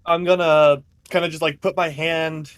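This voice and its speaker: A man's voice: on the high side, level tone, moderate pace, clean tone, no room sound. A man playing in a tabletop game, chatting casually and correcting himself as he explains. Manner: rambling, self-correcting. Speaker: player.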